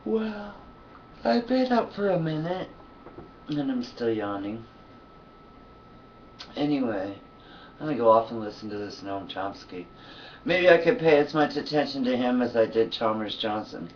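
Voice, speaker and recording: A man's voice: medium pitch, expressive, a little slow, pauses often, distant mic, dull audio, a little hiss or hum. A man talking to his camera in a loose, profane monologue, sleepy and yawning, laughing often between thoughts. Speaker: vlogger. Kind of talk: casual rambling monologue.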